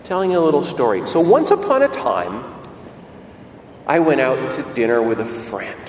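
A man preaching a sermon, telling a story in a lively way and asking his listeners questions. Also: mid-range voice, moderate pace, slight background noise. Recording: echoey hall, mic at a distance, faint ambience.

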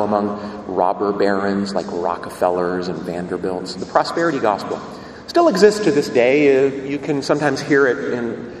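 A man preaching a sermon as a Catholic priest, telling stories in an animated, emphatic way, in a church. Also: medium pitch, a little hiss or hum. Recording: echoey church from a distance.

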